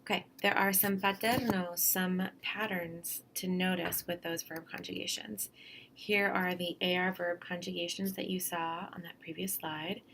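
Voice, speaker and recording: A woman's voice: fairly low pitch, flat delivery, unhurried, vocal fry, fairly bright tone, slight background noise. A woman teaching Spanish over a slide lesson in a chatty, encouraging, plain-spoken way.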